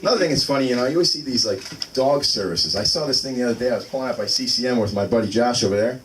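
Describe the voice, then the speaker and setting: At an open mic in a small room, a racing, medium-pitched comic in his thirties rambles through his set and keeps breaking in on himself with fillers. The recording is distant, with loud room noise.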